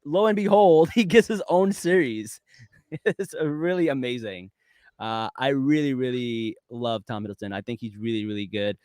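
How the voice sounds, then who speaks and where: A man's voice: mid-range voice, normal speed, darkish tone, smooth, dry recording, studio quality. A man co-hosting a casual pop-culture podcast, talking enthusiastically, rambling and laughing often. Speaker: podcast co-host.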